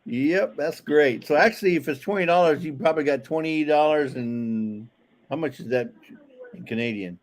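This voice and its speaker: A man's voice: a little high, moderate pace. A man casually chatting on a livestream, reading out viewer comments, joking, and talking with frequent restarts. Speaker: livestream co-host.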